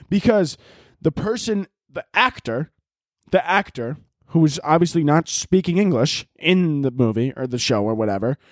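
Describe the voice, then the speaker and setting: A young man hosting a podcast, talking in a loose, rambling comedic monologue, swearing and breaking into shouted mock-dramatic lines. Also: on the high side, no room sound, clean studio sound. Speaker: podcast host.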